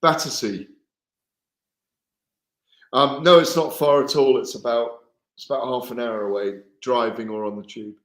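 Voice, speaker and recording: A man's voice: medium pitch, fairly even intonation, moderate pace, long pauses, fairly bright tone, roomy sound. A man chatting casually on a live show as a boxing journalist, rambling and correcting himself with amusement. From Wales.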